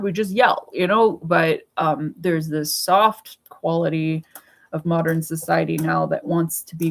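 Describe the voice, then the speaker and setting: A woman in her forties talks straight to camera from home in a loose, rambling monologue. Her voice sits a little low, and she is blunt, cursing freely as she goes. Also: gravelly, poor audio. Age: 40s. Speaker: vlogger. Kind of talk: casual personal monologue. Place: home with pets.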